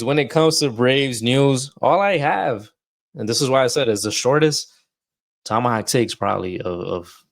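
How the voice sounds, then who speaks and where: A man's voice: medium pitch, creaky. A man hosting a casual baseball podcast, chatty and loose, a little out of breath. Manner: chatty, loose, talks through ad reads like a wrestler promo. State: a bit out of breath. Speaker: podcast host.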